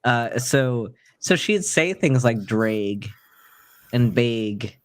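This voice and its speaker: A man from Wisconsin with a middle-pitched, ordinary voice. He rambles and restarts his sentences as he chats casually with friends. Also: animated, slow, fairly bright tone. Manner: rambling, self-interrupting storyteller. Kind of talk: casual group chat.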